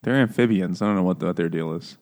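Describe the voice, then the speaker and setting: A man's voice: low-pitched, fast, darkish tone. A man co-hosting a podcast, joking crudely and playfully while recapping a book. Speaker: podcast co-host. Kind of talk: casual book discussion.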